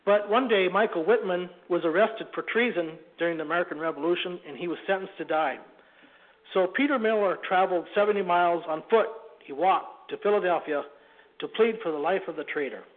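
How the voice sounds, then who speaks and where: A man preaches and tells stories from the pulpit in a fairly high voice. He stumbles and repeats words as he goes. The sound is narrow and tinny, like a phone line. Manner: halting, repeats words, clears throat and coughs. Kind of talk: sermon storytelling.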